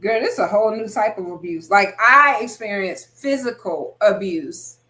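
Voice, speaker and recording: A woman hosts a casual interview with a bright, forward voice. She reacts openly to her guest, jumping in with questions and remarks. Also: mid-range voice. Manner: expressive, reactive, quick to laugh and interject. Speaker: host.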